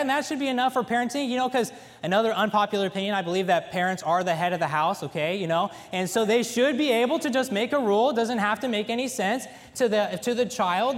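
A man in his thirties preaching a folksy sermon in a church, telling stories with animated emphasis. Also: very high voice. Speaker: pastor. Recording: echoey church hall.

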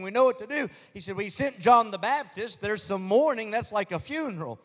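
A man's voice: high-pitched, animated, fairly quick, few pauses. A man preaching a sermon as pastor, telling stories with dramatic flair and acting out the crowds. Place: church sanctuary. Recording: long hall reverb.

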